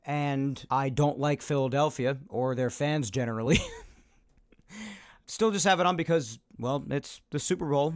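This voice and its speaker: Raspy, chatty man hosting a podcast. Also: mid-range voice, no room sound, clean studio sound. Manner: chatty, ranting, loud energetic openings. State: raspy from phlegm. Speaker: podcast host. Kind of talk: casual solo podcast talk.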